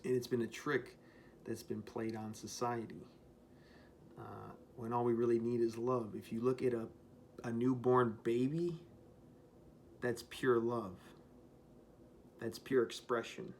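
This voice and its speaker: A man's voice: medium pitch, level tone, a little slow, pauses often, a little mellow, slight background noise. A man giving a casual, rambling spoken rant to camera, profane and full of fillers. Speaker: vlogger.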